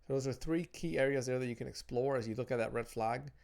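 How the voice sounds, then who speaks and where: Gravelly-voiced man giving earnest advice. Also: medium pitch, quick pace, a little mellow. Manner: earnest, repeats words and restarts phrases while reading notes. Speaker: relationship advice vlogger. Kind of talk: casual advice talk to camera.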